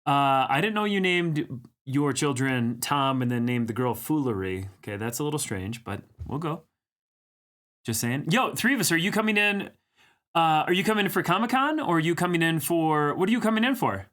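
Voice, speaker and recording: A man's voice: fairly high pitch, expressive, moderate pace, fairly bright tone. A man hosting a livestream, chatting casually, greeting viewers and teasing them as he reads their comments aloud. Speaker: livestream host. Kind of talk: casual live-chat banter.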